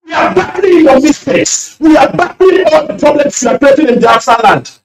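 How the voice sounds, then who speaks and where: A man calling in to a radio show, speaking emotionally in rapid-fire accusations and shouting at times. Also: very high-pitched, lively intonation. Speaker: caller. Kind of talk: impassioned radio call-in speech. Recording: echoey and distant line.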